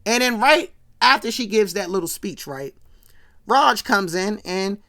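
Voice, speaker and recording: A woman's voice: medium pitch, lively intonation, measured pace, bright, forceful tone. A woman giving a chatty, slangy recap of an old sitcom episode, with asides to her viewers. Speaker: vlogger.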